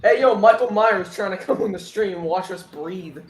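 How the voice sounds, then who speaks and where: A man trading giggly, animated jokes on a live sports stream. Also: high voice, normal speed, reverberant, low-quality recording. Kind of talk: casual banter on a live watch-along stream.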